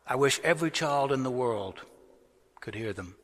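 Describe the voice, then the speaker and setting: A man preaching a sermon as a pastor, deliberate and rising to strong emphasis on key words. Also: medium pitch, expressive. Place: large cathedral. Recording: long cathedral reverb.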